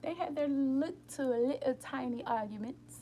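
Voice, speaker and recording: A woman hosting a casual live stream from home late at night, rambling warmly and talking straight to her viewers about healing and feelings. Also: sits high, normal speed, a little hiss or hum. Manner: openly emotional, tearful at times. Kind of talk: casual inspirational chat.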